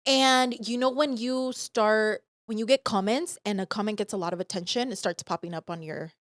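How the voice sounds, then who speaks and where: A young woman co-hosting a podcast, telling a story in animated, profane casual chat and acting out the voices she quotes. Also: mid-range voice, normal speed, no room sound, clean studio sound. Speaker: podcast co-host. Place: podcast studio.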